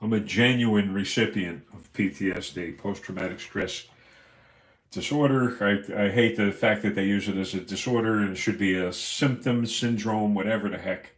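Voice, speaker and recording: A man's voice: on the low side, normal speed, roomy sound. A man hosting a livestream, ranting angrily and profanely in a rambling way. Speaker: livestream host.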